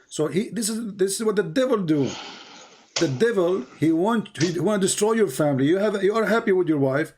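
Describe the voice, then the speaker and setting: Guy hosting a debate call, kinda high voice, pushy questions. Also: expressive, a little fast, a little mellow. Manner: emphatic, questioning, mixes in quoted voices. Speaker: online debate host. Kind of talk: live call-in religious debate.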